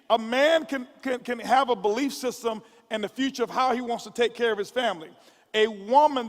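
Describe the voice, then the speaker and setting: A man with a high, light voice speaks to a crowded conference hall, his words ringing with long reverb. He repeats himself in quick restarts and builds his points like a preacher. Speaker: motivational speaker. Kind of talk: motivational speech to a conference audience.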